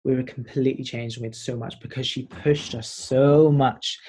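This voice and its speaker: A guest performer in a laid-back interview, this young man with a Northern Irish accent is in his twenties and wanders animatedly from story to story. His voice is mid-range and a little breathy, with a moderate pace.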